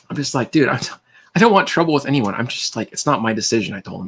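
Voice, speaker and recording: Casual streamer, male, husky, lively storyteller. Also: mid-range voice, quick pace. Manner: rambling, animated anecdotes with quoted voices. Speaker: livestream host.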